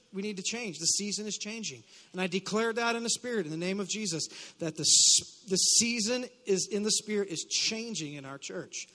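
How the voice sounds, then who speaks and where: A man preaching a live sermon as pastor, leading call-and-response declarations with chatty asides and bursts of shouting. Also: sits high. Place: church sanctuary. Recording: long hall reverb.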